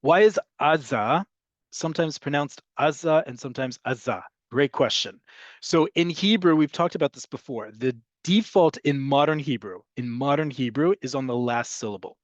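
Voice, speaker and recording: A man's voice: mid-range voice, dry recording, highs cut off. Man teaching an online Hebrew class. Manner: explanatory, answers questions, repeats terms slowly.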